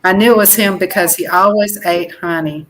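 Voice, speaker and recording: An older woman co-hosting a family livestream, telling a personal story slowly and emphatically. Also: fairly low pitch, a bit bright, poor audio. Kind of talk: casual storytelling.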